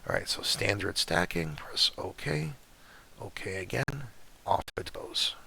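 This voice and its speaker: A man whose voice keeps cutting in and out, walking through software step by step in a relaxed, chatty way as he records his screen. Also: low voice, takes it slowly, gravelly, breathy edge. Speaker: astrophotography tutorial maker.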